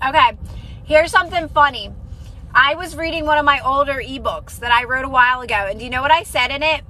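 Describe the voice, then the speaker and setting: A woman's voice: sits high, pushed and bright, slight background noise, low-quality recording. A young adult woman chatting on a phone live stream about manifestation, rambling and restarting sentences, earnest and encouraging. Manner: rambling, restarts sentences often, many "like" fillers. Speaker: manifestation content creator. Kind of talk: casual live-stream chat answering viewers.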